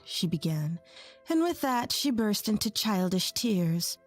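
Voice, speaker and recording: A woman narrating a first-person story in a plain, measured scripted way. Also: fairly low pitch, darkish tone. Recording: faint music bed under the voice.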